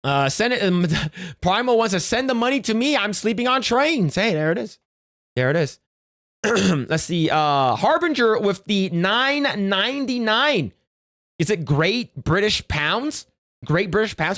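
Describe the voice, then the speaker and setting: A man's voice: sits high, expressive, measured pace, fairly bright tone, no echo, studio quality. Offhand stammering male streamer. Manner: stammering restarts, offhand joking. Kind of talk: casual livestream chat reading donations.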